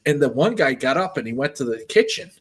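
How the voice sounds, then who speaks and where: A man's voice: mid-range voice, animated, quick pace, breathy edge. A man hosting a casual stream, telling a long funny story and laughing often. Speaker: streamer host.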